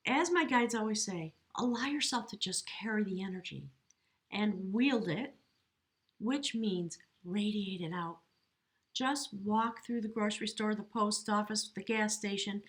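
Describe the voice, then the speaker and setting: A woman giving an earnest, emotional tarot reading at home, talking slowly and reflectively, at times choked up. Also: mid-range voice. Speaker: tarot reader. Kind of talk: spiritual tarot reading to camera. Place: home, near a window.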